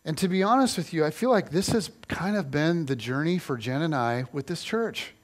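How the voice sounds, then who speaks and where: A middle-aged male pastor preaching a sermon, telling stories with lively repetition for emphasis. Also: fairly high pitch, moderate pace. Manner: animated storytelling, repeats phrases for emphasis.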